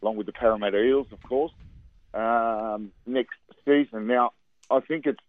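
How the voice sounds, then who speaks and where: A man's voice: mid-range voice, moderate pace, dry recording. An Australian man talking football as a radio pundit over the phone, chatty and repeating words for emphasis. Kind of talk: phone-in radio sports chat. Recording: tinny phone line.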